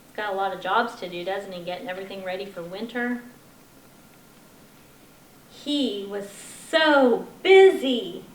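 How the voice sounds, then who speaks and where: A woman's voice: mid-range voice, unhurried, pauses often, slight background noise. A woman at a children's library story time, reading a picture book aloud in a sing-song voice and asking the children questions. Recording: echoey library room.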